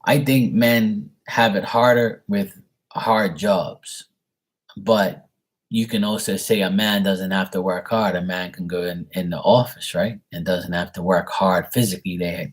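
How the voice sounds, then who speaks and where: A man with a deep, low voice and a husky, slightly rough tone talks loosely to his viewers. He wanders through his points with plenty of fillers, restarts and blunt swearing. It sounds like an unscripted live-stream reading. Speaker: streamer reading tarot cards for paid questions. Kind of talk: casual live-stream chat.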